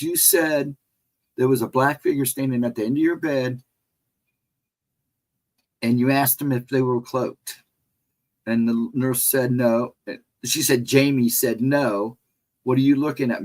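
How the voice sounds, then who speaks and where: A man telling a hospital ghost story in a rambling, animated way, laughing often and acting out other people's lines. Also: medium pitch. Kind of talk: casual storytelling.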